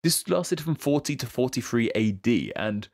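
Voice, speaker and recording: A man co-hosting a history podcast, talking in a relaxed, chatty way with fillers and restarts. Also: mid-range voice, normal speed. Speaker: podcast co-host. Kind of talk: casual history podcast chat.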